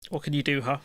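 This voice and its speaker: A man's voice: fairly high pitch, fairly bright tone, no echo, studio quality. A man, hosting a live stream and chatting casually with his viewers in a jokey, rambling, slangy way.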